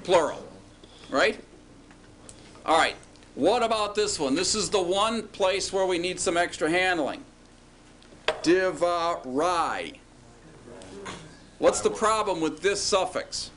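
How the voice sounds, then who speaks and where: A man's voice: high voice, unhurried, fairly bright tone, a little hiss or hum. A man teaching a classroom lecture, patiently asking students questions and drawing out words as he explains.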